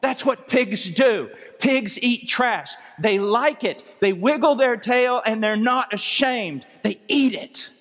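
A man preaching a sermon with fervent intensity, swinging between low, quiet passages and raised, urgent cries. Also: slow pace, few pauses. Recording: hall reverb from a live sermon.

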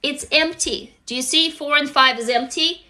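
A woman's voice: high voice, moderate pace, sharp tone. A woman hosting a casual live stream, reading out viewer comments and coaching them through steps with upbeat, profane energy. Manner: upbeat, reads out viewer comments, swears freely. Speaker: live stream host leading a writing exercise.

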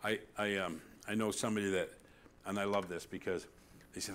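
A pastor delivers a sermon in a lowish, brisk voice, animated and swinging between loud emphasis and hushed asides. He often asks the congregation "See?", and there's slight background noise.

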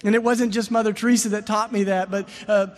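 A man's voice: sits high, flat delivery, fast, in a large hall. A middle-aged man giving a sermon, telling stories and building to emphatic preaching. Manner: storytelling, rising to emphatic preaching. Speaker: speaker.

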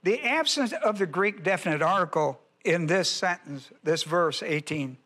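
Working through a verse at normal speed, this animated pastor delivers an expository sermon, hammering each point and repeating his key words. For a man, his voice sits high and bright with a forceful edge.

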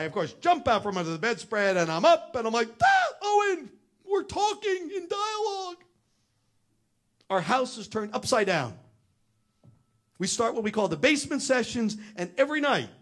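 A middle-aged man telling a personal story in front of an audience. He is animated and acts out the other people's voices, speaking fairly high with a lively, swinging pitch. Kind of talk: storytelling talk.

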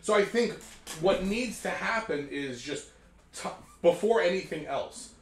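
Guy teaching guitar, kinda high voice, hums the tune, roomy echo. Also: expressive, measured pace. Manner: explains patiently, hums melodies, many "right?" checks. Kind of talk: casual lesson talk.

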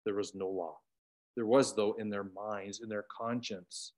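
This man teaches Bible study online through a video call, lively in manner and shifting from forceful outbursts to hushed side remarks. His voice is fairly low and he speaks at a measured pace.

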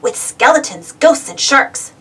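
A woman voicing an eager, excitable young boy in a read-aloud storybook. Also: sits high, unhurried, distant mic. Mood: pleading. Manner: pleading and excitable.

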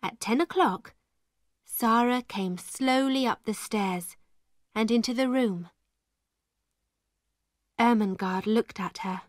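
Storybook narrator: a woman, slow and deliberate, dry close sound. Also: on the high side, no echo. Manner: clear and deliberate.

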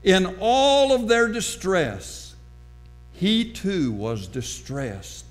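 A middle-aged man preaching a sermon, telling a personal story slowly and dramatically. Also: high-pitched, very animated, soft background music. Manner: slow, deliberate, dramatic storytelling.

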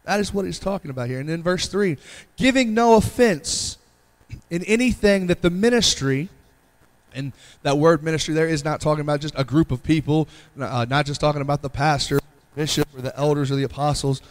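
A middle-aged pastor preaching a sermon in an earnest, repetitive way, pleading with the congregation and often asking "Amen?". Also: male voice, fairly high pitch, steady tone, quick pace.

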